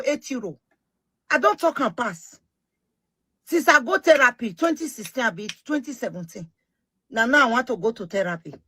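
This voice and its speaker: A middle-aged woman with a Nigerian Pidgin English accent delivers a passionate monologue to her social media followers, forceful, emphatic and repeating herself. Her voice sits on the high side, and the recording is dry.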